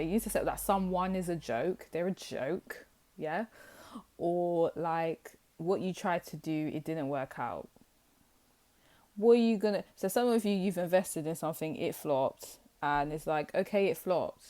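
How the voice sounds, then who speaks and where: Blunt young woman with a mellow voice. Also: sits low. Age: young adult. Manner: blunt, teasing, lots of "like" fillers. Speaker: tarot reader. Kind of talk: casual tarot reading to camera.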